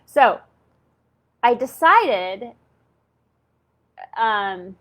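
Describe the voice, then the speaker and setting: A woman's voice: a little high, big pitch swings, very slow, fairly bright tone. A woman in her fifties telling a personal story in a candid, chatty way, full of "like" and "okay?". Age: 50s. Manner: chatty, peppers talk with "like" and "okay?". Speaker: channel host.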